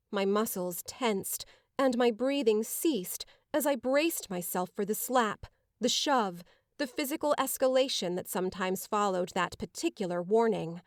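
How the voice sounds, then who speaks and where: A woman reads a dark romance audiobook in the first person, with measured, dramatic pacing. Her voice sits at a mid pitch, and the recording is dry and close with no room sound. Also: no echo. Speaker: audiobook narrator. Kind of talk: first-person scripted narration.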